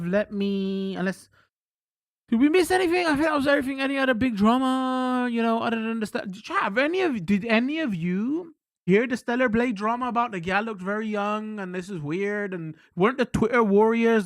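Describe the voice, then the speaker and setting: A British man chatting casually on a live stream, rambling and excitable, swearing freely as he talks to his chat. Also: sits high, no echo, studio quality.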